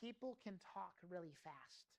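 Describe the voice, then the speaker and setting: A man's voice: sits high, animated, moderate pace, vocal fry, no echo. Man, sales trainer, casual teaching talk, rhetorical questions, occasional cursing, dry room. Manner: casual, swears in passing.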